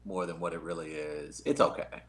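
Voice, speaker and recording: Deep-voiced man hedging his opinions. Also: moderate pace, fairly bright tone, slight background noise. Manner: hesitant, repeats words before an opinion. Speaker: podcast panelist. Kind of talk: casual podcast banter.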